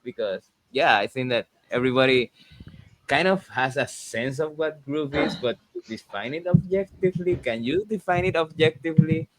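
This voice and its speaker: A man's voice: fairly high pitch, very animated, moderate pace, gravelly, noisy background. A man hosting a casual conversation, reflective and thinking aloud with frequent restarts. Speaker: host and composer.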